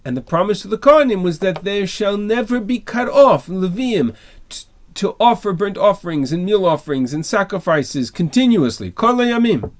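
Animated man teaching an online class. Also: sits high, normal speed. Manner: emphatic, asks rhetorical questions and answers them. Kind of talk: online text-study class.

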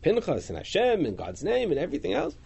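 Male teacher, higher voice, animated and lively, reading passages aloud and explaining them. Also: quick pace, creaky, slightly rough. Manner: animated, reads Hebrew and Aramaic then translates. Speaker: Talmud class teacher. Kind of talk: text study class.

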